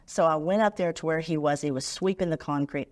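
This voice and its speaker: A woman's voice: low voice, brisk, darkish tone. A middle-aged woman, a nonprofit founder telling her story as a guest on a talk show and acting out the voices she quotes.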